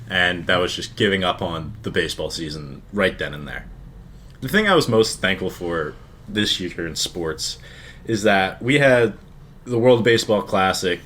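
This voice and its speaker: Young male co-host, lower voice, earnest and keen, light noise floor. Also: fairly bright tone. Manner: earnest, enthusiastic storyteller. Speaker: podcast co-host. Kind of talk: casual sports chat.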